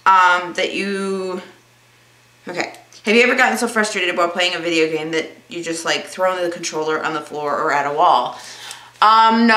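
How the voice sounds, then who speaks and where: A woman's voice: sits low, expressive, normal speed, sharp tone, roomy sound. A young woman answering viewer questions in a casual vlog, rambling and calling herself awkward. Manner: self-described awkward, rambling, laughs easily.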